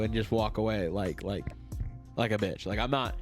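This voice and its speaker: A man's voice: on the low side, faint music behind. A young man hosting a casual comedy podcast, joking and swearing, still getting over being sick. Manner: joking, swearing, quick banter. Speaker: podcast host.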